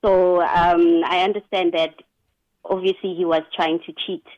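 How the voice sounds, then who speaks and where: A woman co-hosting a radio talk show, speaking in an unhurried, thoughtful way with many fillers. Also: on the low side, level tone, no echo, dull audio.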